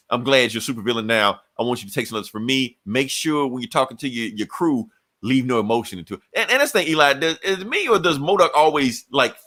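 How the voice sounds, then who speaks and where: A man co-hosting a podcast, retelling a comic book story and jumping into quick voices for each character. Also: mid-range voice, a bit bright. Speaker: podcast co-host. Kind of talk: animated comic book recap.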